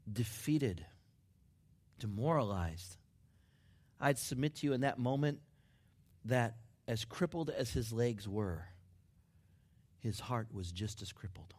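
A man preaching a sermon, dropping to near whispers and building up to excited shouts. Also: medium pitch. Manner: dramatic swings from hushed to shouting. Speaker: pastor.

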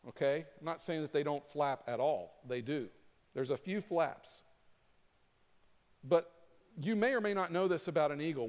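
A man preaching a sermon as pastor, animated and acting out his points with rising intensity. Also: on the high side. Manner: animated, acts out flapping with rising volume. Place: church sanctuary. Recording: long reverb of a church hall.

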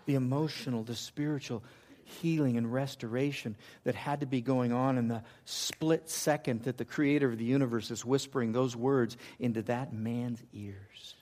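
A man's voice: mid-range voice, fairly even intonation, moderate pace. Man preaching a dynamic sermon. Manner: swings from loud emphatic preaching to hushed near-whispers. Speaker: pastor.

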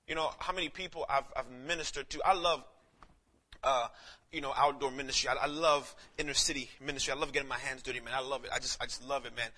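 A male pastor preaching a casual, animated sermon, swinging from shouts to hushed lines and calling listeners man. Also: mid-range voice, fast. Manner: casual street talk, calls listeners man.

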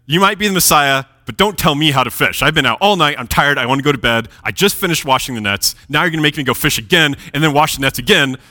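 Man voicing a tired, grumbling fisherman, lively, forceful, modern casual talk. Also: medium pitch, fast talker. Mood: annoyed, tired. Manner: exasperated modern casual banter. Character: weary, irritable male fisherman disciple.

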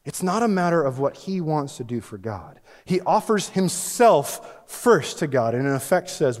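A man preaching a sermon as pastor, swinging between loud emphatic lines and hushed ones. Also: fairly high pitch, very animated, normal speed, hardly any pauses. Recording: long reverb of a large hall.

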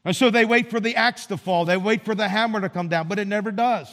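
A man's voice: sits high, quick pace, fairly bright tone. A man pastor preaching a sermon with an emphatic, repetitive cadence, in a church sanctuary. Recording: reverberant church hall.

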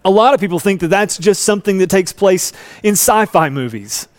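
A man's voice: sits high, lively intonation, a little fast, no room sound. A man preaching a sermon, earnest and storytelling, acting out voices in a Bible story. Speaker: pastor.

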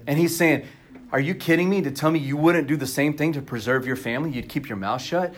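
A man's voice: a little high, a little fast. A man preaching a sermon as pastor at a church service, talking candidly and conversationally to the congregation.

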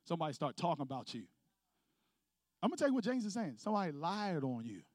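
A man's voice: a little high, big pitch swings, fast talker, dry recording, clean studio sound. A male pastor preaching a sermon to his congregation, calling for responses and building intensity. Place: church sanctuary with congregation.

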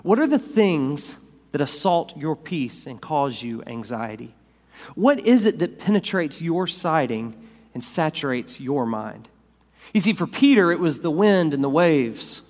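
A man preaching a sermon as pastor, swinging from loud, raised lines down to quiet, soft ones. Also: a little high, sing-song, measured pace. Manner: dynamic preacher, rising loud then dropping soft. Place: church sanctuary. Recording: long hall reverb.

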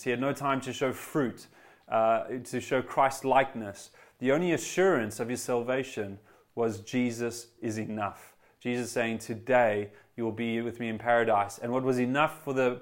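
Male preacher, earnest sermon, emphatic, repeats key lines, talks straight to the congregation. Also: mid-range voice. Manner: eager, addresses congregation directly.

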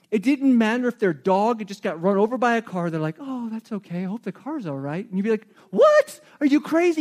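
A man pastor with a notably high-pitched voice delivers a sermon. He preaches in a relaxed, conversational manner and drops in joking asides along the way.

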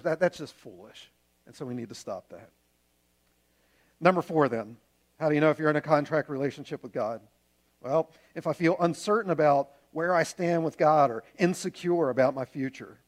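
A man's voice: on the high side, fairly quick. A man preaching a sermon as a pastor, earnest and conversational, using homely examples.

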